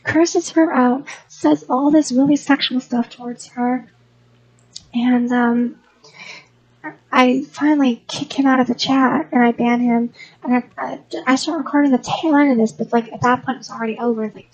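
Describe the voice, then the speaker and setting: High-pitched chatty woman rambling. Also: a little mellow, dull audio. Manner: rambling, chatty, many restarts. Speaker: gaming channel host. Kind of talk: unscripted rambling voice-over over a speedbuild.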